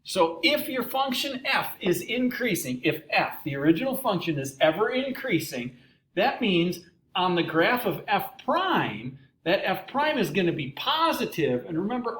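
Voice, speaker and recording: Animated man lecturing in an echoey room. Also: high voice. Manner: animated, asks questions and answers them, playful asides. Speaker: math teacher. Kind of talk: recorded classroom lecture. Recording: echoey room with faint ambient noise.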